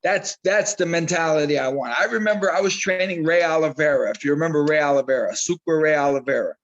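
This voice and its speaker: A man, a boxing trainer, telling animated stories in a casual interview and repeating himself as he goes. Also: on the high side, fast, muffled recording. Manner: animated storyteller, repeats himself, acts out quotes.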